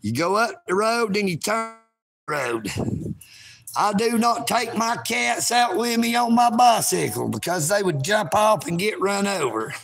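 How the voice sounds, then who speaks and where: A man, vlogging outdoors at a park in a folksy, rambling way that bursts into shouting. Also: high-pitched, expressive, a little slow, vocal fry, faint music behind. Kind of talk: rambling livestream vlog.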